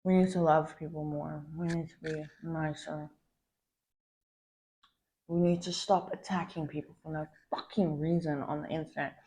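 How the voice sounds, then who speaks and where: A woman's voice: low-pitched, level tone, moderate pace, dark tone, a little hiss or hum. A woman content creator venting in a POV girlfriend role-play, swearing often and calling the listener babe. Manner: profane, ranting, calls the listener babe.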